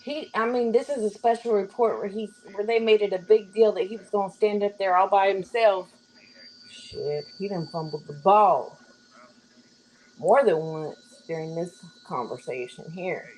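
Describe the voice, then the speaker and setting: A woman's voice: medium pitch, moderate pace, a little mellow, a little hiss or hum, poor audio. A woman in a casual group chat, plain-spoken and chatty, airing complaints. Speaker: participant.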